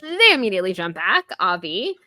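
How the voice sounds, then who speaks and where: Here a woman co-hosting a podcast chats about a book, laughing a lot and filling her retelling of the novel's scenes with fillers. She sounds very animated, brisk, bright and forceful, her mid-range voice carrying no echo.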